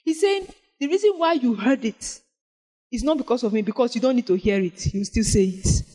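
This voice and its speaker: A woman preaching a sermon, with an animated delivery that swings between loud exclamations and soft, prayerful lines. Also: a little high, brisk, poor audio.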